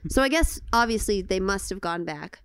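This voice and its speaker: Smooth-voiced woman chatting on a podcast. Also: mid-range voice, lively intonation, normal speed, dry recording, clean studio sound. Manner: chatty, rambling, full of fillers and restarts while looking things up. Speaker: podcast co-host. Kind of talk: casual chat.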